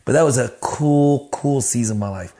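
A man telling stories as an interview guest, animated and profane, acting out the voices of the people he quotes. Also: medium pitch, moderate pace. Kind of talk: casual storytelling in an interview.

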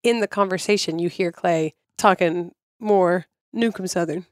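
Quick, pointed woman on a dry mic. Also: on the low side, a little mellow, dry recording. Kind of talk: casual podcast chat.

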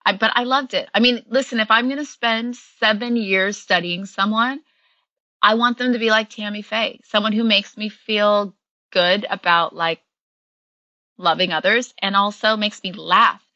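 A woman's voice: mid-range voice, fairly even intonation, normal speed, sharp tone, no room sound, lo-fi sound. A woman guest on an interview, an actress chatting casually with lots of fillers and frequent laughs.

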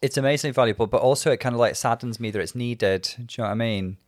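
A man's voice: mid-range voice, racing, no room sound, studio quality. A man co-hosting a podcast, chatting casually and telling stories with frequent laughs. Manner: chatty, giggly storyteller. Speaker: podcast co-host. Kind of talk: casual chat.

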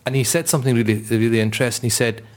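A man's voice: mid-range voice, racing. A man, an Islamic scholar, telling personal anecdotes on a panel and acting out the voices of the people in them. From Britain. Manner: animated, acts out voices in stories. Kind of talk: anecdotal storytelling.

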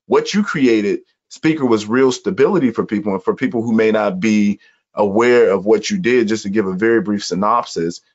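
A man from Chicago, a guest telling his life story in an earnest, reflective conversation with measured pauses. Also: lowish voice. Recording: muffled, dull audio.

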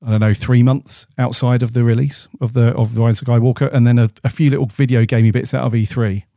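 A man's voice: medium pitch, steady tone, fast, dark tone, dry recording. A man co-hosting a podcast in casual, laid-back chat with plenty of fillers, on a studio mic. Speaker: podcast co-host.

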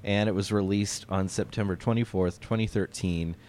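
A man co-hosting a comedy podcast, dry and playful, quick to laugh. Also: lowish voice, steady tone, darkish tone, a little hiss or hum. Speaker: podcast co-host. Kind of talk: casual comedic podcast chat.

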